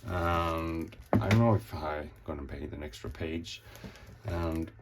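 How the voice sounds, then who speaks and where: Over a noisy background, a comic artist with a very deep voice talks slowly while presenting his comic pages. His casual show-and-tell wanders, is heavy on swearing, and has him acting out the scenes along the way.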